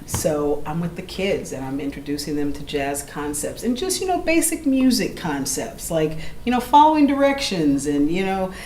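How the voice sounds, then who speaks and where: Telling stories between songs to a live audience in a gallery, a middle-aged jazz vocalist and educator from Oakland, California is animated and laughs easily, her pitch leaping as she acts out the people she quotes. She talks at a moderate pace with hardly any pauses. The sound is roomy, with slight background noise and faint gallery ambience behind her.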